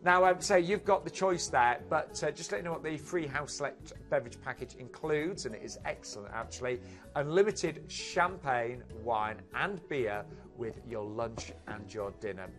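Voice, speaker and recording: Man co-presenting cruise deals, lively, mid-pitched, soft music behind. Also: moderate pace. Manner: lively, laughs easily, reads out deals. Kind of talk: sales presentation.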